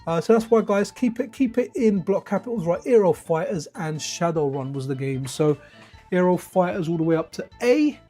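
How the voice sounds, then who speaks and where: A man's voice: high-pitched, expressive, moderate pace, warm tone. A man, hosting a retro gaming livestream in casual, rambling chat with viewers. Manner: rambling, laughing, chatty with viewers. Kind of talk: casual gameplay commentary and chat. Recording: faint game music behind.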